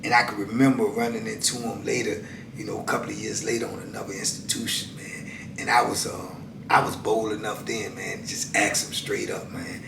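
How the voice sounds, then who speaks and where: A middle-aged man telling prison stories in a casual, colloquial way, often saying "man" and swinging between loud and hushed. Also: flat delivery, a little fast, creaky. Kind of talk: casual storytelling. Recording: echoey room, mic at a distance, faint rumble.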